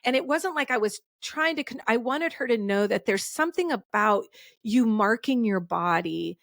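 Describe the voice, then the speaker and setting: A woman's voice: a little high, animated, moderate pace, creaky, a bit bright, no echo, clean studio sound. Rambling, heartfelt woman podcast host. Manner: rambling and heartfelt, with frequent restarts. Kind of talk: casual podcast conversation.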